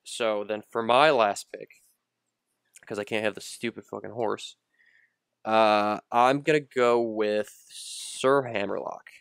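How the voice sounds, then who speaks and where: A man's voice: on the low side, steady tone, takes it slowly, creaky, a bit bright, smooth, dry recording, studio quality. A man hosting a casual gaming podcast, rambling with lots of fillers and restarts as he talks through his picks. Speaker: podcast host.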